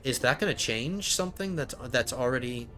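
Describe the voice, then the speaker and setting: Guy narrating his strategy game run, mid pitch, talks thru his moves, trips on words, soft music under it. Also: lively intonation, moderate pace. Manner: thinking aloud, stumbling and restarting. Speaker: let's play host. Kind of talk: casual gameplay commentary.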